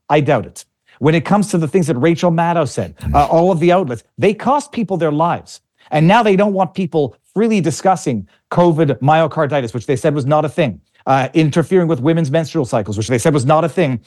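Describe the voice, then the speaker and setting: A man speaks as an interview guest in a fairly high voice. He argues with fierce conviction and a combative edge, often stumbling and repeating words as he builds his point. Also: lively intonation, moderate pace, a little mellow. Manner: impassioned, combative, repeats words while gathering thoughts. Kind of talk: conversational interview.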